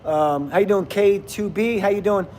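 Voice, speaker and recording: A man's voice: high voice, normal speed, a little mellow, slight background noise. A man, rambling bluntly and laughing often in casual livestream chat with viewers. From New Jersey, USA. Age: 50s. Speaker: livestream host.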